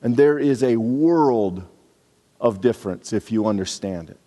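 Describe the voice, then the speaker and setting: A man's voice: medium pitch, lively intonation, unhurried, dark tone, long reverb tail. A man preaching a sermon in a conversational, reflective way, now and then acting out short quotes. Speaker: pastor.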